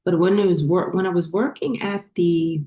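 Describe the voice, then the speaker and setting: A woman telling a personal story in a rambling, halting way, full of fillers and restarts, as a spiritual vlogger. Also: on the low side, steady tone, dark tone.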